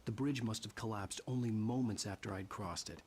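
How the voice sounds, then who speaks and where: An actor playing a weary male writer who narrates his ordeal in a video game, with grim, measured delivery. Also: fairly low pitch, a little mellow, close to an everyday voice.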